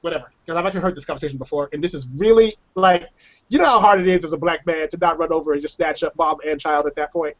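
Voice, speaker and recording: A man hosts a casual online hangout and tells his stories with lively flair. He repeats and restarts his words as he builds up to the point. The call audio sounds dull and lo-fi. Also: fairly high pitch, quick pace. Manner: animated storyteller who acts out quotes and repeats words. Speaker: show host. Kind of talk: casual chat on a web hangout. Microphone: webcam or computer mic on a video call.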